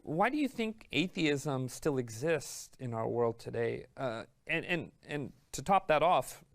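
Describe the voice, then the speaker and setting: Calm man hosting a faith interview. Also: medium pitch, unhurried, creaky. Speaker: host. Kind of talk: interview questions.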